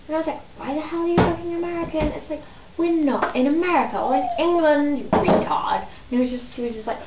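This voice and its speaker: Woman gossiping nonstop, kinda high voice, roomy echo, loud music in the back. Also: lively intonation, quick pace, heavy background noise. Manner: breathless rambling storytelling, mimics others. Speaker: comedy character monologue. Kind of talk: rambling comic gossip monologue. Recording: echoey room, off-mic, loud music behind.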